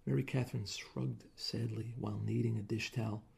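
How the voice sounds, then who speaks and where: A man reading a short story aloud in measured, plain narration. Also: fairly low pitch, fairly even intonation, creaky, darkish tone, husky.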